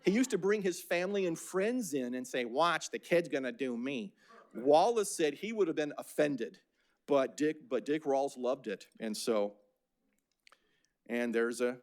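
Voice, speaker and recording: An older man from Phoenix giving a casual, anecdotal lecture about slides, with many fillers and restarts. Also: medium pitch. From Phoenix, Arizona.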